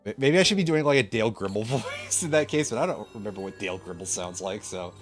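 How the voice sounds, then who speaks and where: A man's voice: lowish voice, expressive, fast, few pauses, faint music behind. A man giving casual game commentary with joking, laughing asides. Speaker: let's play host.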